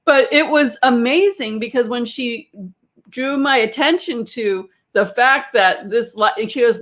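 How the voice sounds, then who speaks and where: A woman's voice: a little high, measured pace, a bit bright. A woman energy healer telling a personal story to a group in a casual, rambling way, with many fillers and restarts.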